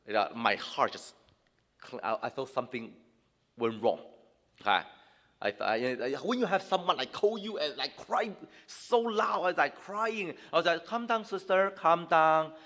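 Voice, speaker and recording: A man's voice: mid-range voice, moderate pace, fairly bright tone. A man preaching a sermon as a pastor, talking conversationally with many fillers and restarts. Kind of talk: sermon to young people. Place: church hall. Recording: long reverb in a hall.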